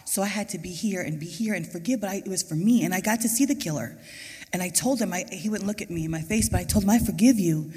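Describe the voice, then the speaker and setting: A woman speaks with a dark, husky, gravelly voice, earnest and halting as she gives a personal testimony at a church service. Her words ring out with the long reverb of a large church auditorium. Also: medium pitch. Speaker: mother of a murder victim, guest on stage.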